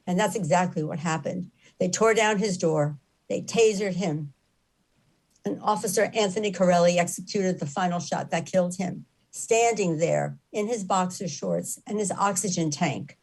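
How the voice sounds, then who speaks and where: A woman's voice: fairly low pitch, unhurried, darkish tone, rough recording. A woman giving an earnest, impassioned spoken account, repeating phrases for emphasis. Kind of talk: earnest storytelling talk.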